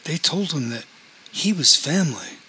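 A man's voice: a little high, lively intonation, moderate pace, bright, forceful tone, slight background noise, low-quality recording. A man narrating a story aloud, reading the characters' dialogue with only mild changes in his voice. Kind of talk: audiobook narration.

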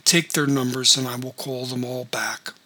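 A man voicing a steady, husky school administrator. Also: medium pitch, moderate pace. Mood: businesslike. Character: male school administrator, calm and in charge.

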